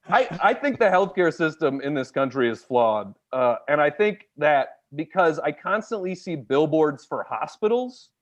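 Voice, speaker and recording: A man's voice: on the high side, a little slow. A man, a stand-up comedian, telling a funny personal story in casual, jokey chat. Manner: animated, jokey, acts out voices of others.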